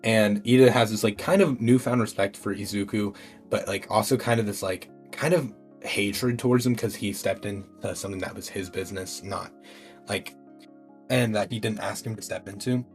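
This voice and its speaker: A man's voice: fairly low pitch, fairly even intonation, moderate pace, faint music behind. A man telling a story in a casual, improvised way, rambling with fillers and restarts. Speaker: YouTube storyteller.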